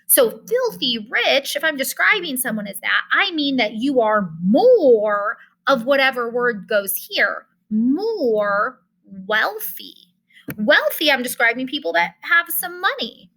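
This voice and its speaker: A woman's voice: sits high, sharp tone, poor audio. A woman teacher explaining a lesson step by step, talking straight to her students. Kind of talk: online class lesson.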